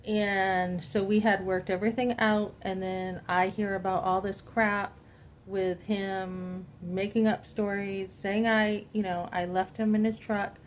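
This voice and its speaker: A woman's voice: medium pitch, measured pace, a little hiss or hum. Woman telling her story, lo-fi sound. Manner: animated, quotes herself and others in dialogue, addresses listeners directly. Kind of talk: candid personal testimony to camera.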